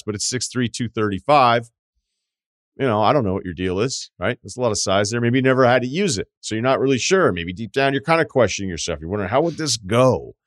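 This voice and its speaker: A man's voice: medium pitch, no echo, studio quality. A man hosting a podcast advice segment, reading listener letters aloud and answering in a candid, joking way with rambling asides. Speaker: podcast host.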